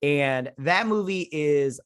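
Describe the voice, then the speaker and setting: A man's voice: fairly high pitch, expressive, slow, fairly bright tone, clear, resonant tone, dry recording, clean studio sound. A man hosting a casual episode review, chatting through the plot in a rambling way with lots of fillers and restarts. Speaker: show host reviewing an episode.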